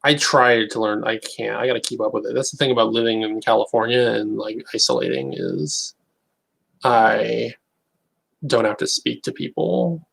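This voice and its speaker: A young man talking casually to camera in a rambling, halting, wry way. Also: on the low side, vocal fry, fairly bright tone, slightly rough, rough recording. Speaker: online creator.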